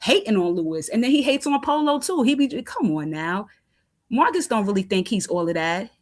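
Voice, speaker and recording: A woman's voice: medium pitch, very animated. A woman from New York with a New York accent, calling in to a live show and ranting bluntly with profanity. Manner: blunt, profane, rapid-fire opinions. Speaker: caller. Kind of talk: casual call-in rant.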